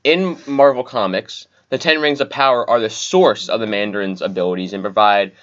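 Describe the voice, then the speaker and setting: Low-pitched male podcast co-host, casual chat, lo-fi dull sound. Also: normal speed, a bit bright. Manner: reads movie details aloud, chatty. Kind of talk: casual chat, reading notes. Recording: dull lo-fi audio.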